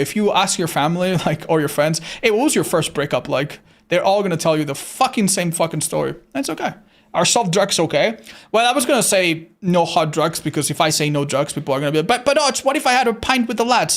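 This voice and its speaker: Casual swearing streamer guy, slightly high voice. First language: not English. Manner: casual, swears a lot, laughs often, reads chat aloud. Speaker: livestreamer. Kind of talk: casual live-stream chat.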